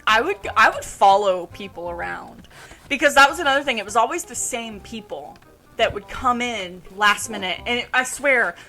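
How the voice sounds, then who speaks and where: A young woman co-hosting a podcast, telling retail stories in a lively casual way and swearing freely. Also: fairly high pitch, moderate pace, soft background music. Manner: animated storytelling, swears freely. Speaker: podcast co-host. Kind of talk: casual chat.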